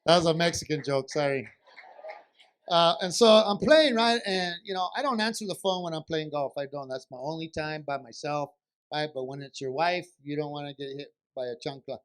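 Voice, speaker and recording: A man's voice: on the high side, a little fast, smooth. A man performing a stand-up comedy set on stage, telling stories and acting out a back-and-forth with his wife. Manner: animated storytelling, acts out wife and himself. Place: comedy stage at a benefit show.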